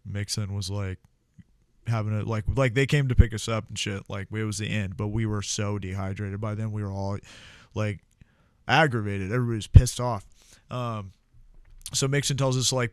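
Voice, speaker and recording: Brief: young american guy, low voice, dry close sound, rambling salty storyteller. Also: a little mellow, clean tone, dry recording. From United States. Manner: laid-back, profane, filler-heavy. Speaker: podcast guest, former Marine. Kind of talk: casual storytelling.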